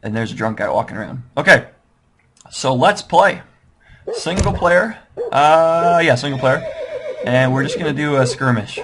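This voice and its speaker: A man's voice: medium pitch, expressive, moderate pace, pauses often, a bit bright, a little hiss or hum. A man casually walking viewers through a strategy game, rambling and second-guessing his choices, with a self-deprecating manner. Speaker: gaming tutorial host. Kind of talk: casual gameplay walkthrough.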